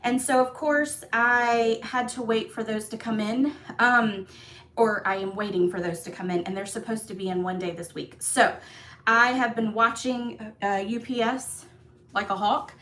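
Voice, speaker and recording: A woman with a slightly high voice talks her viewers through a craft project in a casual live stream. She is chatty and upbeat, and she fills her sentences with ums and little laughs. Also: fairly even intonation, moderate pace, fairly bright tone. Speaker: craft demonstrator hosting a live class. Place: home craft room.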